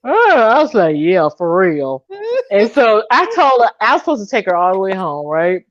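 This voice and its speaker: A woman in her fifties telling a funny story in casual chat, animated and laughing as she acts out what people said. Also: fairly high pitch, a little fast, dry recording, muffled recording. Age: 50s.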